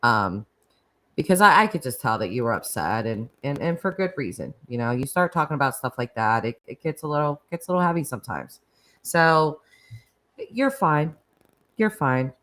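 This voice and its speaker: A middle-aged woman hosts a casual live chat, taking callers. Her voice sits low, and she talks in a chatty, meandering way, laughing often and restarting her sentences. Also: lively intonation, normal speed, fairly bright tone, rough recording. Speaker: live stream host.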